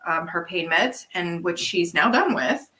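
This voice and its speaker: A woman co-hosting a casual livestream Q&A from her farm, telling stories in a chatty, animated way. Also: on the low side, unhurried, echoey room, low-quality recording. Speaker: farm co-owner and livestream host.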